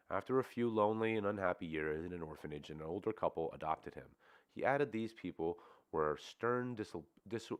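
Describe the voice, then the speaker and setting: A man reading a book aloud and adding informal commentary, sometimes correcting his slips. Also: sits low. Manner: informal asides, occasional self-corrections. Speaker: audiobook reader.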